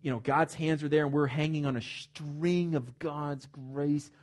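A pastor delivers an emphatic sermon in a church sanctuary, his voice sitting a little higher than most men's. He stays animated throughout, drops joking asides, and often repeats a word as he starts a new thought. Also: a little slow. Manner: repeats words when starting phrases.

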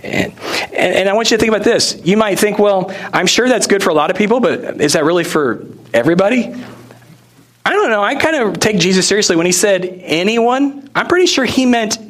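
Guy preaching a sermon, kinda high voice, chatty storytelling, asks the crowd questions. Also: animated, fairly quick, a bit bright. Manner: conversational storytelling, rhetorical questions. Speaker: pastor.

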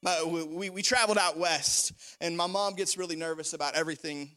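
A man preaching a sermon as pastor, animated and full of repeated phrases. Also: a little high, brisk.

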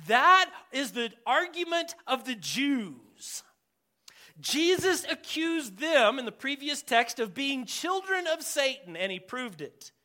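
A male pastor preaching a verse-by-verse sermon, animated and joking as he speaks to his congregation. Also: very high voice, unhurried.

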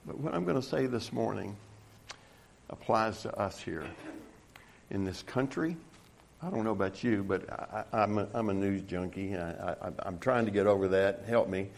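A middle-aged man preaching a sermon to his congregation. He stumbles and restarts often, jokes at his own expense, and grows loud and emphatic when he reads from scripture. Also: lowish voice, vocal fry, slight background noise. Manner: halting, stumbling restarts, self-deprecating humor. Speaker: pastor.

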